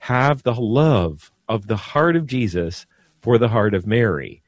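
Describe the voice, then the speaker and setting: A man, a priest, speaking earnestly on the radio about devotion, slow and measured, often repeating a word as he searches for it. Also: lowish voice, expressive, no echo. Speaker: priest guest. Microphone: studio mic.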